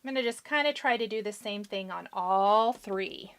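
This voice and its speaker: A woman's voice: mid-range voice, normal speed, fairly bright tone, clean tone. A woman hosting a live card-making demonstration, chatting casually and answering viewer questions as she works. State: has the hiccups. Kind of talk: live-stream craft demonstration.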